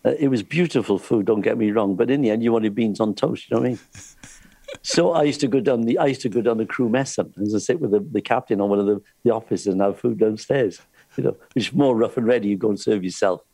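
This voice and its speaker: A man's voice: fairly low pitch, fast talker, breathy edge, no echo. Guy, cruise ship singer, laughing through his stories, dry close sound. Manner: lively storyteller, laughs often, acts out voices in his stories. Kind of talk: casual anecdote-telling.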